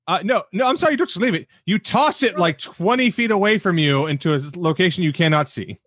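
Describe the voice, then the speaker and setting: A man's voice: high-pitched, lively intonation, fast, fairly bright tone, no echo. Man leading a chatty movie recap. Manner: chatty, leads the recap with questions. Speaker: podcast co-host. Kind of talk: casual movie recap chat.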